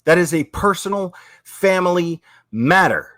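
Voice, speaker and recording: Brief: angry male streamer, higher voice, heavy cursing, repetitive jabs, dry close mic. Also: expressive, a little slow, fairly bright tone, no echo. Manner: profane, repetitive, confrontational. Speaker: YouTube creator. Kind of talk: angry livestream rant.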